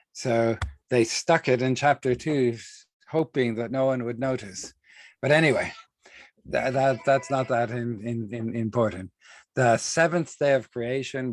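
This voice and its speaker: A man leads an online class over a video call, speaking at an unhurried, measured pace. He often repeats and restarts words and leans slowly on key terms. His voice is mid-pitched and the sound is dry, with almost no room echo. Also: a little mellow. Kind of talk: online lecture with screen sharing.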